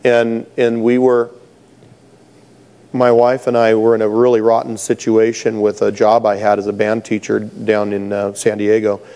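Mellow-voiced man preaching a sermon. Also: lowish voice, normal speed. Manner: animated storytelling, laughing at own jokes. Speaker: pastor.

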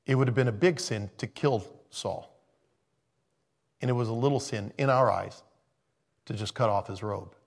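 A man's voice: fairly low pitch, vocal fry, husky. A man preaching a sermon in a conversational way, thinking aloud and interrupting himself. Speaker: pastor.

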